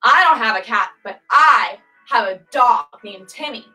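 A woman's voice: on the high side, measured pace, poor audio. Bubbly woman leading kids yoga. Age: 20s. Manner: animated, sing-song, playful animal sounds. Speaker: children's yoga instructor. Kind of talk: livestreamed kids yoga class. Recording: faint music behind the voice.

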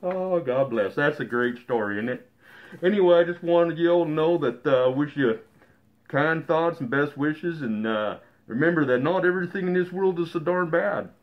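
A man's voice: fairly high pitch, expressive, moderate pace, highs cut off. Folksy man reading a picture book. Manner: folksy, gently joking asides. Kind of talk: storybook read-aloud.

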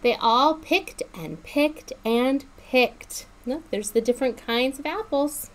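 A woman children's librarian reading a picture book aloud to preschoolers in a slow, sing-song, teacherly way. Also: sits high.

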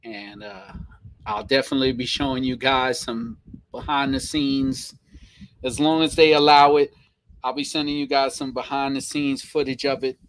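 A man's voice: mid-range voice, normal speed, poor audio. A man with a Brooklyn accent hosting a live stream, chatting casually and slangily with viewers. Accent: Brooklyn, New York. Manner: slangy, animated, laughs often.

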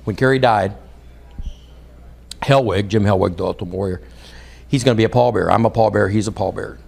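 A man's voice: fairly low pitch, fast, gravelly, a little mellow. An older man, telling rambling, funny anecdotes as a podcast guest. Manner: rambling, laughing anecdotes with quoted voices. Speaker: guest storyteller. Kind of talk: casual storytelling.

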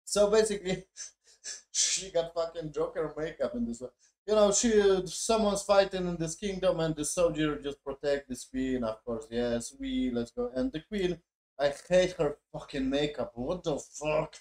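A man's voice: a little high, animated, unhurried, darkish tone. A man reviewing a show in a profane, mocking, exasperated casual rant. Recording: echoey room.

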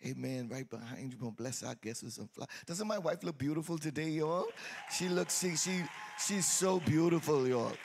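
This preacher's voice is a little high and creaky, with a bit of hiss or hum in the recording. Exuberant and teasing, he calls out to the crowd in a sing-song style during a lively call-and-response sermon, while a faint congregation is heard in the sanctuary.

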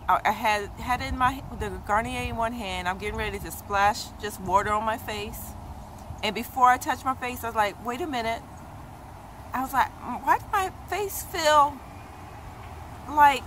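A woman beauty vlogger in casual chatty talk, checking in with her viewers with "okay?" and getting animated and repetitive when excited. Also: medium pitch, noisy background. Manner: animated, exclaims and repeats herself when excited; talks straight to her viewers with frequent "okay?". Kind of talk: casual chatty product review.

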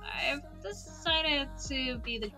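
A woman voicing a blunt, sarcastic young female dragon in a storybook reading, in a low, dry tone. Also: slow pace, pushed and bright, faint music behind, heavily acted.

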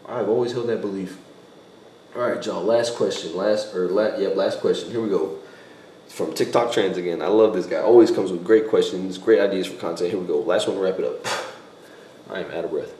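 A young man with a fairly low voice talks casually to his viewers, rambling and correcting himself as he goes. The sound is echoey, and a faint hiss sits underneath. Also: a little fast, dark tone. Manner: rambling, self-correcting, laughs often. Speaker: YouTuber answering viewer questions. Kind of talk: casual Q&A vlog. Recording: echoey room, faint background noise.

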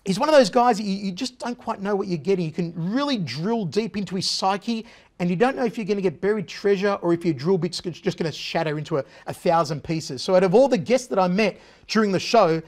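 Lively man telling a story. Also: high voice, quick pace. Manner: animated, comic storyteller. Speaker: guest, former TV interviewer. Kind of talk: casual storytelling anecdote.

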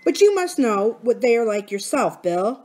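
A woman's voice: fairly high pitch, sing-song, normal speed, darkish tone, pitched above the performer's own voice. A woman voicing an earnest, anxious schoolboy in a storybook reading. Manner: earnest, pleading.

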